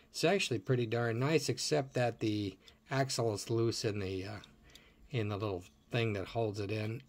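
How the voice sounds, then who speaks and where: A middle-aged man with a husky, slightly breathy voice talks through a toy car collection in a casual show-and-tell. He muses aloud as he goes and keeps turning to ask the viewer's opinion. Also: mid-range voice, darkish tone. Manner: chatty and musing aloud, asking viewers questions.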